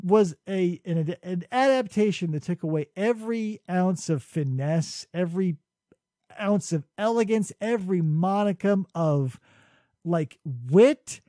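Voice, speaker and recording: Animated high-voiced ranting man. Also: unhurried, no room sound, clean studio sound. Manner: animated, ranting, swears often. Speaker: podcast host. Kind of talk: casual podcast chat.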